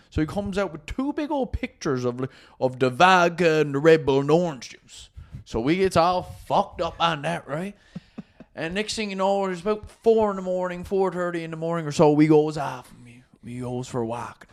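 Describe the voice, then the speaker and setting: Male podcast host, slightly high voice, lively profane storyteller, casual chat. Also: brisk. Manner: animated, profane, laughing retelling.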